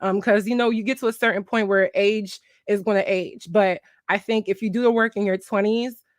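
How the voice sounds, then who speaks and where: A woman's voice: medium pitch, fairly even intonation, brisk, no echo. Young woman, casual vlog chat, frank and chatty, dry close sound. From Philadelphia, USA. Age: 20s. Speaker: vlogger.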